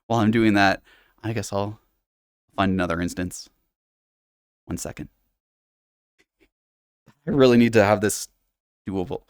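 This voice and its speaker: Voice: sits low, measured pace, long pauses, clear, resonant tone, dry recording, clean studio sound. A live streamer chatting casually while exploring, rambling and self-deprecating.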